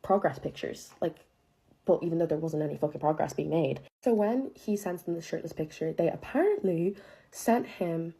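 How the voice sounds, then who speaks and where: A low, mellow voice belongs to a young woman relating a dramatic personal story. She's profane and chatty, with lots of filler "like," and her retelling is full of incredulity.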